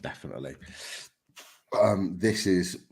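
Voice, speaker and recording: Husky low-voiced man hosting football chat. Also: animated, unhurried, a little mellow. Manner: enthusiastic, chatty with many fillers. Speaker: podcast host.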